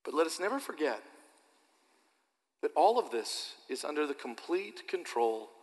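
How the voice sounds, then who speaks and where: A man preaching a sermon to his church, animated and repetitive, addressing the audience directly. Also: fairly high pitch, normal speed, long reverb tail. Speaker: pastor.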